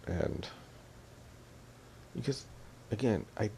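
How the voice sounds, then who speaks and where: Gravelly low-voiced man ranting. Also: measured pace, darkish tone, a little hiss or hum. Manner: annoyed, ranting, mimics family in quotes. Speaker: vlogger. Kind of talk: audio vlog rant.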